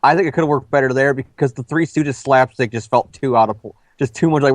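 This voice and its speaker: A man's voice: mid-range voice, fast, no room sound. A man co-hosting a casual film review chat, thinking aloud and talking at length with small restarts. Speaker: movie review co-host.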